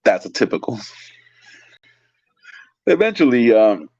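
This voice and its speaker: A man from California, a restaurant waiter, telling stories in an animated, swearing way full of "like" fillers. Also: medium pitch, a little slow, dry recording, muffled recording. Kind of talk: casual storytelling.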